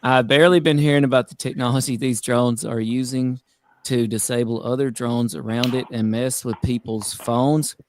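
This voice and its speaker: A man hosting a casual live-stream chat, talking in an energetic, conversational way with emphatic asides. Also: medium pitch, normal speed, a little hiss or hum. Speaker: host.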